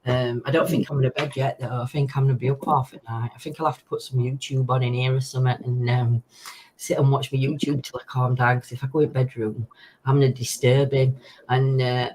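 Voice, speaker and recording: A woman's voice: a bass voice, little pitch movement, a little fast, darkish tone, a little hiss or hum. Giggly woman rambling. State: sugar-hyper and giddy. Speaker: livestream host. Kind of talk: casual late-night chat.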